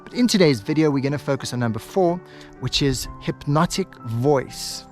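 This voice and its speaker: A man teaching hypnosis, switching between quick lively talk and a slow, soft, paused delivery. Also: on the high side, soft background music. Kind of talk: instructional video monologue.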